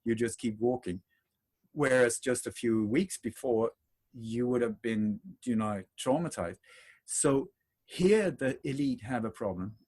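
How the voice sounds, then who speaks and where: A man speaking as a podcast guest in a conversational interview, telling stories in a rambling, animated way with emphatic repetitions. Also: medium pitch, unhurried, slightly rough.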